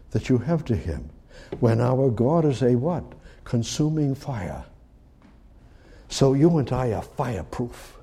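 A man preaching a sermon, reading scripture aloud and commenting on it, swinging from loud emphatic rises to hushed near-whispers. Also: medium pitch, breathy edge. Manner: reads scripture aloud and comments between verses.

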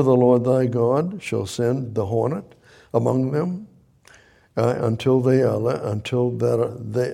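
Gravelly, husky man preaching from the Bible. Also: medium pitch, mellow. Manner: reads scripture then paraphrases God in a casual voice; repeats phrases, frequent restarts. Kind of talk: sermon, Bible reading and commentary.

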